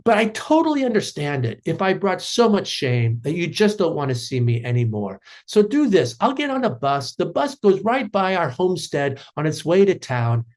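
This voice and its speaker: A man speaking as a remorseful middle-aged ex-convict in a spoken parable, in a halting, anxious way. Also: sits high, sing-song.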